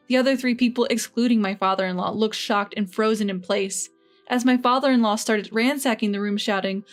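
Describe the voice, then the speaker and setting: A woman narrating her own family revenge story in the first person, matter-of-fact and quietly smug. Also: a little high.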